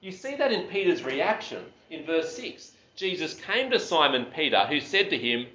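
A man preaching a sermon in a conversational, animated way, with asides about his family. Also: a little high, moderate pace, hardly any pauses. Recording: roomy, dull sound.

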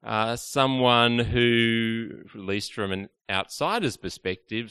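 A man leads an evening church talk in a loose, chatty way, teasing his listeners and filling gaps with ums. His voice is bright and forceful, sitting at a middling pitch. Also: slow pace, few pauses, smooth. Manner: chatty and playful with the audience, many fillers. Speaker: preacher.

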